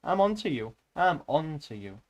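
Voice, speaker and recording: A man with a slightly high voice reading a novel aloud on a live stream. He reads in a plain, casual way and keeps stopping for rambling, joking asides to his chat. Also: very animated, moderate pace, dull audio.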